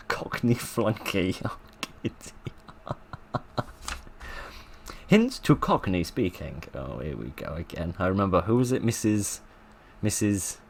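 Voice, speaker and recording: A man with a lowish voice reads an old book aloud, breaking off for sarcastic jokes. His delivery is lively and full of swoops, and he laughs often. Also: slow pace, creaky, pauses often, a little hiss or hum. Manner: wry, sarcastic asides with frequent laughter. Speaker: channel host reading an old book. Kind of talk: comic read-aloud with commentary.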